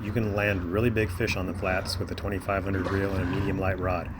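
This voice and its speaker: A man calmly explaining his fishing gear choices in a voice-over. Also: deep voice, brisk, very noisy. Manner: calm, matter-of-fact. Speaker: fishing channel host.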